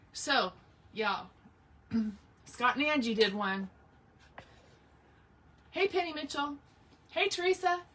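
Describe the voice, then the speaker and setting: A woman's voice: sits high, pushed and bright, distant mic. A woman hosting a casual live craft tutorial, chatting and greeting viewers by name as she works. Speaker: craft livestream host.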